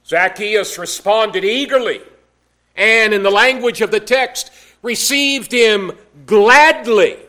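Male pastor, high-pitched, slow deliberate sermon delivery with emphatic rises. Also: sharp tone.

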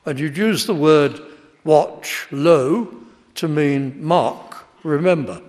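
A man's voice: on the high side, lively intonation, takes it slowly, a little mellow. A man preaching a sermon, emphatic and building in intensity as he speaks. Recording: long reverb of a large hall.

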